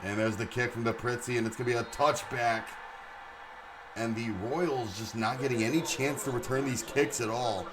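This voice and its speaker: A man giving live play-by-play commentary on a game stream, excitable, with chatty asides. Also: medium pitch, moderate pace, noisy background. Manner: excitable, rises to shouts on big plays, chatty asides.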